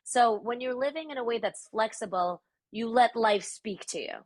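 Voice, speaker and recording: A woman from the Soviet Union whose first language is Russian appears as a podcast guest in a reflective conversational interview. Her voice is a little high and animated, at normal speed, and she speaks thoughtfully, as if searching for words.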